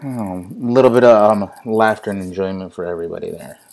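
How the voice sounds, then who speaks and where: A man's voice: on the low side, fairly quick, gravelly, darkish tone. A young man hosting a casual live show, telling a funny family story with plenty of swearing and laughter. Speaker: host.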